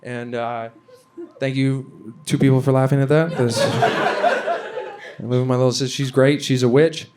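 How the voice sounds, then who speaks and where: A man's voice: medium pitch, steady tone, a little slow, long pauses, heavy background noise. A young man from Canada doing a stand-up comedy set on stage, ranting profanely with lots of fillers. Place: comedy venue stage before a live audience.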